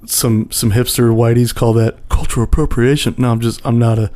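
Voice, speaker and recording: A man's voice: medium pitch, fairly even intonation, brisk, mellow. A man from near the US–Mexico border, a comedian guest, talking bluntly and mocking himself in a casual podcast chat. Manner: blunt, self-mocking, laughs easily.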